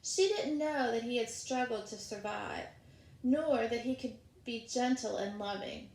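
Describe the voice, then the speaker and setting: A woman narrating a children's novel in a deliberate, expressive way. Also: fairly high pitch, echoey room, low-quality recording.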